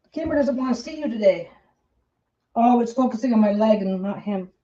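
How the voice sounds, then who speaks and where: A woman's voice: on the high side, animated, fairly quick, mellow, lo-fi sound. A woman vlogging while she quilts at home. She chats casually with many restarts and coos at her dogs. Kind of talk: casual chat while crafting.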